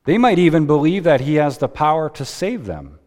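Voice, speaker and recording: A man preaching a sermon as a pastor, slow and deliberate with dramatic pauses, heard in a church sanctuary. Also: a little high, very animated, darkish tone. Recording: long reverb of a church hall.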